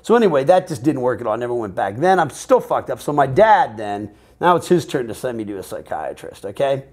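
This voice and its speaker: A man's voice: mid-range voice, brisk. A middle-aged American man telling his own story in an interview, rambling and profane, often quoting other people. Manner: profane, rambling, animated, quotes others in voices. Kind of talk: candid personal storytelling.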